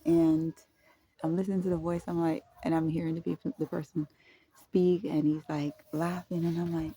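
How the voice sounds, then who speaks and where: A woman vlogging at home in a casual, rambling way, halting and restarting, breaking into laughter. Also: low voice, flat delivery, warm tone, breathy edge, dry recording. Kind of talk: casual spoken reflection. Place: indoors at home.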